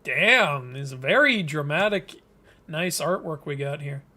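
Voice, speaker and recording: A man's voice: on the high side, lively intonation, slow, bright, forceful tone. A man hosting a live comic reading, chatting casually, joking and laughing often. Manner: chatty, laughs often, jokes about the story. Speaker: host reading a webcomic live. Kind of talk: casual live-stream commentary.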